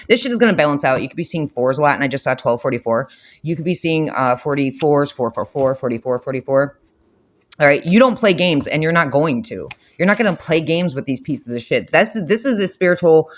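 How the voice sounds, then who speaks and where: A man with a voice pitched somewhat high for a man delivers a spiritual reading straight to his viewers. He talks bluntly and swears freely, repeating phrases for emphasis and building to forceful declarations. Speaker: tarot reader.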